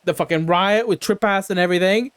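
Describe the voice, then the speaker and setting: A man's voice: high-pitched, brisk, fairly bright tone, clear, resonant tone, no room sound. A man recapping an investigation in character, rambling and swearing a lot, sometimes mimicking other people. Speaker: roleplay streamer.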